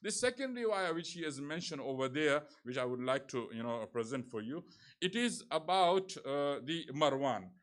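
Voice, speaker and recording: Earnest male preacher, high-pitched. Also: expressive, moderate pace, a bit bright. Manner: earnest storytelling with frequent fillers, rising emphasis. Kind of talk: sermon.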